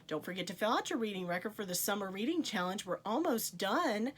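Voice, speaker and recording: A woman's voice: mid-range voice, animated, a little fast, husky. A woman reading a picture book aloud to children, with playful asides to her young listeners. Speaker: storytime reader.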